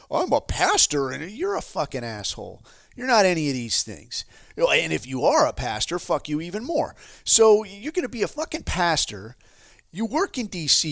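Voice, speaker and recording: A man's voice: on the high side, a bit bright, dry recording, studio quality. A man hosting a podcast, ranting heatedly with constant swearing and sarcastic asides. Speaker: podcast host. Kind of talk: profane political rant.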